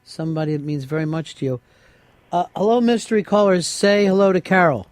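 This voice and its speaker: A man's voice: sits high, fairly quick, no room sound. A man hosting a radio talk show, teasing and joking with his guests.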